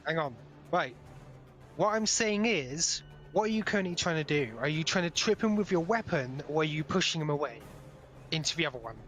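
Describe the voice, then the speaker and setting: A man's voice: on the high side, lively intonation, brisk, fairly bright tone, faint music behind. A man running a tabletop game as game master, directing the players and narrating the action.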